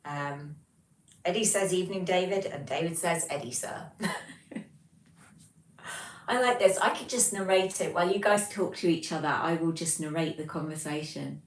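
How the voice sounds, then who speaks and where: A woman's voice: lowish voice, fairly quick. A British woman hosting a casual livestream chat. She greets viewers and reads their messages aloud, with plenty of ums. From Britain. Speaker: livestream host. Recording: roomy echo, distant mic.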